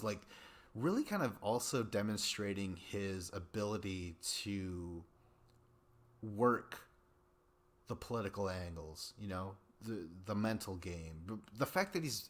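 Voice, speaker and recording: A man's voice: fairly low pitch, fairly bright tone. Profane, rambling male podcast host. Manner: rambling, profane, chatty with many fillers. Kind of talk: casual solo recap chat.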